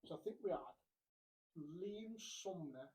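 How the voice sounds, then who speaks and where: A man's voice: high voice, a little slow, rough recording. A young man on a podcast, telling a story in a casual way and acting out the people in it, laughing at the punchlines. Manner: animated, laughs through the punchlines, acts out quotes. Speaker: podcast host. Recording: quiet, badly set microphone.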